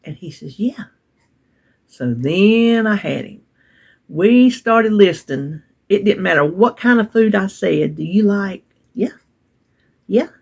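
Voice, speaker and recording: An older woman with a drawl tells a family story to her viewers. Her talk is easygoing and folksy, full of little restarts and soft laughs, as in a casual vlog. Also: medium pitch, animated, slow pace, gravelly, long pauses, husky, muffled recording. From United States. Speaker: vlogger.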